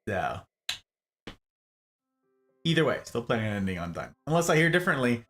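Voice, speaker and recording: Guy hosting a stream, super animated voice jumping all over, jokey chatty, some quiet music behind. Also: mid-range voice, moderate pace. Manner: animated, jokey, exclaims and laughs often. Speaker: livestream host. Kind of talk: casual chat with live viewers.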